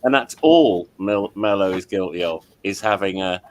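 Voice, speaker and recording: A middle-aged man with a deep voice hosts a casual chat while working as the show's audio engineer. He speaks at a moderate pace, rambling, apologizing and restarting often.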